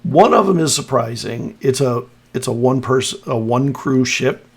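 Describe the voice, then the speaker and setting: A man narrating as game master of a tabletop role-playing game, describing scenes with halting restarts. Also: medium pitch, animated, creaky, breathy edge.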